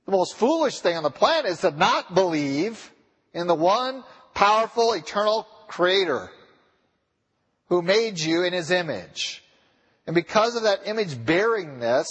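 A man preaching a sermon in a church, with a husky voice, pressing his listeners with repeated rhetorical questions. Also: high voice. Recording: long reverb of a large hall.

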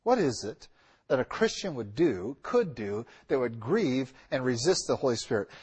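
A man preaching a sermon to his congregation, emphatic and direct, repeating key lines with slow, stressed words. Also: medium pitch, big pitch swings, darkish tone, breathy edge. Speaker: pastor.

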